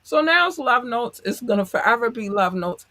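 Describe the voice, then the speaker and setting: A woman's voice: on the high side, expressive, moderate pace, sharp tone, no room sound. A woman co-hosting a podcast in casual chat, effusive and affectionate, laughing often as she talks to listeners. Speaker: podcast co-host.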